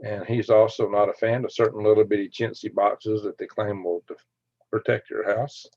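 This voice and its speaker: Man, Southern US accent, gravelly voice, dry dull recording, casual livestream chat, folksy and rambling. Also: on the low side, little pitch movement, moderate pace, darkish tone, no room sound. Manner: rambling, chuckles often, folksy. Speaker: livestream host. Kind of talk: casual livestream chat, reading viewer comments.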